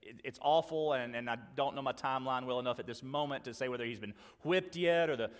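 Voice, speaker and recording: Man, pastor, sermon, earnest, dramatic quoted lines, mid-pitched voice, reverberant sanctuary. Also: fast talker. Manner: earnest, acts out quoted dialogue, shifts between loud emphasis and quiet asides.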